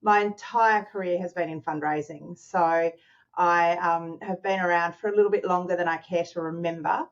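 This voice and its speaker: A middle-aged woman with an Australian accent, a charity chief, chatting warmly as an interview guest over a video call. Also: fairly low pitch, steady tone, normal speed, dull audio. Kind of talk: casual interview.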